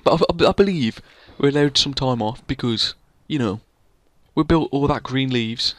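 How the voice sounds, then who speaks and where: Brief: male gamer, mid-pitch, rambling and playful, dry close sound. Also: moderate pace, no echo. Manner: rambling, playful, teasing his co-player. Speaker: let's play gamer. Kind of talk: casual gameplay commentary.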